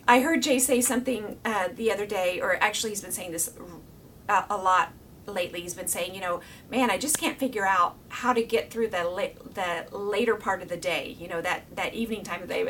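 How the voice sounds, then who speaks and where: A middle-aged woman giving a casual faith teaching to her viewers, animated, laughing often and dropping to a whisper for emphasis. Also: on the high side, recorded from a distance, slight background noise. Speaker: Christian video teacher.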